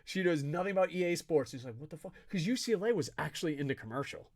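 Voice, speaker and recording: Podcast co-host, male, higher-pitched, fired-up and foul-mouthed, jumps from shouting to muttering. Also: quick pace. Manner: profane, excitable ranting; swings between loud shouting and low mutters. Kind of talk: casual sports chat.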